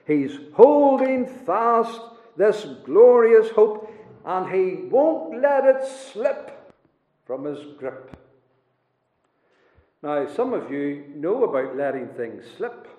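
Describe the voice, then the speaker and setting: Slow, high-voiced preacher in an echoey hall. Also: male voice, darkish tone. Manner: slow, emphatic preaching with dramatic drops in volume. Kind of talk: sermon. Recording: roomy, echoey church hall, dull lo-fi sound.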